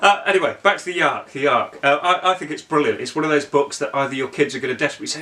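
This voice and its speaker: A man's voice: mid-range voice, quick pace, hardly any pauses, pushed and bright. Jokey New man reviewing books. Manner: jokey and self-mocking, with many fillers. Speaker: book reviewer and co-host. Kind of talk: casual book review chat.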